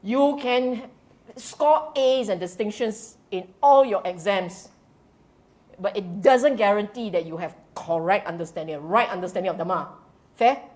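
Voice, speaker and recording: Here the same kind of Dhamma talk comes a little slowly, in a medium pitch, from a Singaporean-accented woman addressing a congregation. Lively and laughing, she peppers the audience with questions and sprinkles her English with colloquial particles.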